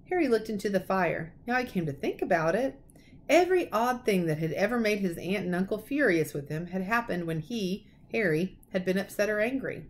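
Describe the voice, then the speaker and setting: Female teacher narrating a storybook reading, expressive and lively. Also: mid-range voice, brisk.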